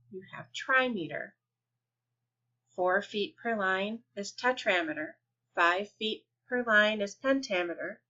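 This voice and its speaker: Woman teacher, bright clear tone, patient explainer, slightly dull lo-fi audio. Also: medium pitch. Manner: patient, deliberate, stretches example words slowly. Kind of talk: explanatory lesson. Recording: dull lo-fi recording.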